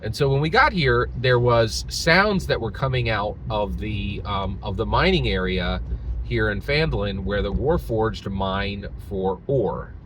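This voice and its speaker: A man's voice: lowish voice, animated, measured pace, fairly bright tone, a little hiss or hum, poor audio. A man hosting his channel, casually retelling a tabletop game session and rambling with many restarts. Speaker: channel host.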